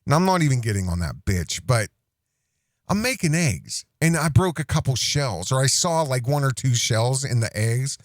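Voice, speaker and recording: A man's voice: medium pitch, big pitch swings, normal speed, no room sound. A man hosting an online commentary show, talking in a rambling, self-interrupting way with many restarts and asides. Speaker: host.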